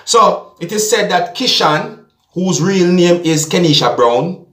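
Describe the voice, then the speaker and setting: A man's voice: sits high, lively intonation, unhurried, fairly bright tone, recorded from a distance. A Jamaican man hosting a vlog, talking through news with his viewers and often asking "you see me". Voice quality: patois-tinged, repeats "you see me". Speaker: vlogger. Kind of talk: casual news commentary. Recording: roomy echo, off mic, music behind.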